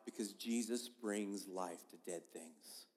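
A man as a pastor giving a sermon in a church, preaching in a conversational but emphatic way and swinging between loud and soft. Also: low-pitched, takes it slowly. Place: church sanctuary. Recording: long reverb of a large hall.

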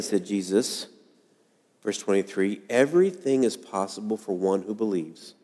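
A man's voice: medium pitch, a little mellow. Earnest man preaching in a reverberant hall. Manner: earnest, dramatic, acts out quotes with pauses. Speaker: pastor. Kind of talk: sermon. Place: church sanctuary.

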